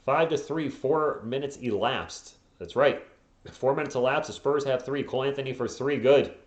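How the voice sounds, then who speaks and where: A hoarse man hosting a live fan play-by-play stream, calling plays quickly and tossing in joking asides and replies to viewers. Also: mid-range voice, reverberant, dull audio. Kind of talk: casual live play-by-play commentary.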